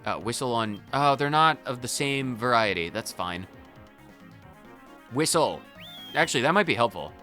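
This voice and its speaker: A man's voice: mid-range voice, lively intonation, moderate pace, long pauses, pushed and bright, faint music behind. A man casually commentating a video game as he plays, joking and cutting himself off mid-sentence. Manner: jokey, self-interrupting, repeats words. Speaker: let's play host.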